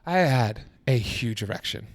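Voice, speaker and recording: A man's voice: mid-range voice, animated, normal speed. A man co-hosting a podcast, telling a story dramatically and acting out every quote. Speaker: podcast co-host. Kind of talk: casual storytelling chat.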